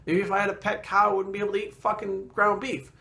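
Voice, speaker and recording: Swearing, bright-voiced fitness trainer. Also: male voice, high-pitched, quick pace, vocal fry. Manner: swears constantly, blunt and animated. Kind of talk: casual vlog storytelling.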